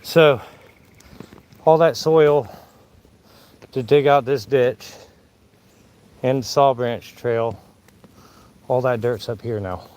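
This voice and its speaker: A man's voice: mid-range voice, slow, pauses often, a little mellow, smooth. An older man with a Southern American accent, out of breath from climbing a hill, chatting casually to viewers as he hunts fossils outdoors. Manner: chatty, folksy, talking to viewers while searching. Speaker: fossil hunting vlogger. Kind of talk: casual live narration while hunting outdoors. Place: outdoors on a dirt hillside.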